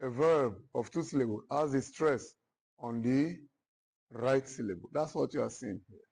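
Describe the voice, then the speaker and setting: A man teaching literature in a classroom, slowly repeating each point and often checking whether his students follow. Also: mid-range voice, gravelly, a little mellow, husky, low-quality recording. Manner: slow, repetitive, checks understanding often. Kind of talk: classroom lecture.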